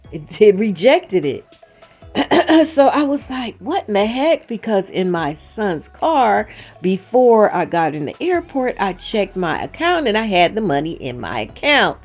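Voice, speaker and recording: Animated woman telling a story. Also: lowish voice, measured pace, faint music behind. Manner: animated retelling with quoted dialogue; emphatic asides to viewers. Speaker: channel host. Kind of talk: casual storytelling vlog.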